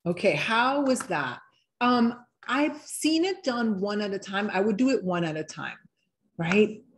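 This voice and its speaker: A woman's voice: mid-range voice, expressive, a little hiss or hum. A woman hosting a live online wellness workshop, talking viewers through simple relaxation exercises in a chatty, encouraging way. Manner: chatty, encouraging, slows down to guide steps.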